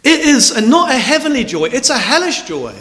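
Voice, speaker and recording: A man's voice: extremely high pitch, big pitch swings, brisk, fairly bright tone. A man preaching a sermon, emphatic and stressing words by repeating them. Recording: echoey hall with long reverb.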